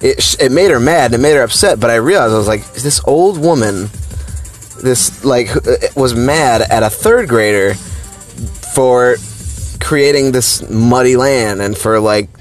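A man of ordinary middle pitch spinning a childhood anecdote, loose and rambling, full of "uh" and "like". He gets animated as the story builds, with faint music playing underneath. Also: measured pace. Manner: rambling, filler-heavy, animated. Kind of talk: casual personal story.

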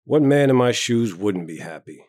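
A man's voice: fairly low pitch, lively intonation, normal speed, darkish tone, no room sound, studio quality, natural voice. A man doing a bitter, sulky worn-out father. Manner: taut, sulky, hollow sarcasm. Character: wretched red-eyed expectant father, bitter and sulky.

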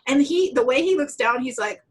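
Woman, husky, fairly high-pitched, animated casual chat, mimics people she talks about. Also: fairly quick. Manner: animated, acts out quoted people with big voice swings. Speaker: podcast co-host.

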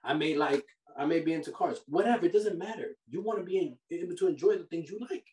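A fairly high-voiced man holds forth as a podcast host, giving money advice in an animated, slangy, preachy way. His voice sits back from the mic and carries room echo. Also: fast talker, recorded from a distance. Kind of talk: casual money-advice chat. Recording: roomy sound from off the mic.

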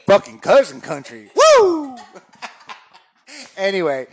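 A man co-hosting a podcast in crude, casual chat. He tells stories in a loud, joking way, with a lively pitch that swings a lot and a bright, forceful tone. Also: a little fast. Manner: loud, joking, profane, animated storyteller. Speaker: podcast co-host.

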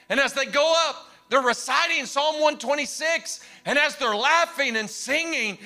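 High bright-voiced male preacher. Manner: swings from loud exclamations to hushed storytelling, acts out voices. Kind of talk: storytelling sermon. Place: church.

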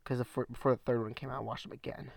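A young man hosting a casual solo podcast from a small room at home, rambling in relaxed slang. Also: mid-range voice, very fast, vocal fry, no echo. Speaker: podcast host.

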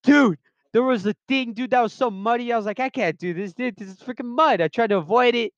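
A young man talks in a high, smooth voice, rambling through his own stories and often breaking off mid-thought. The sound is dry and a little dull, like a cheap recording. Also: brisk, no room sound. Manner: rambling, self-interrupting, slangy. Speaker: vlogger telling personal stories. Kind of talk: rambling casual monologue.

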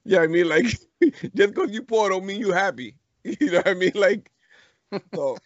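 A man's voice: high voice, lively intonation, moderate pace, no room sound. A middle-aged man co-hosting a podcast, chatting casually and telling a story in slangy speech full of restarts. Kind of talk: casual chat. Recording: dull lo-fi podcast recording.

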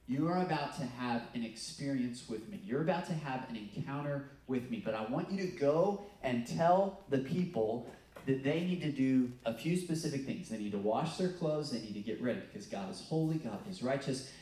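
A man's voice: mid-range voice, expressive, normal speed, warm tone. A man preaching a sermon in a loose, conversational way, telling stories with fillers and restarts. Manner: conversational, storytelling with self-corrections and fillers. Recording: echoey room, mic at a distance.

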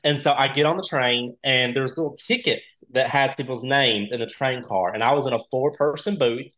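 A man in relaxed conversation, recounting his stories with lively, animated energy. He breaks into laughter often and tells things in a chatty way. His pitch sits in an ordinary middle range for a man. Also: moderate pace, poor audio. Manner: animated, laughs often, acts out quoted voices. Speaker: reality show contestant, podcast guest. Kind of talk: casual storytelling chat.

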